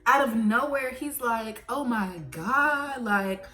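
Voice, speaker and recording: A young woman telling a casual story to camera, animated, swearing freely and jumping between laughs and outrage. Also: a little high, takes it slowly. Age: young adult. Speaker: vlogger.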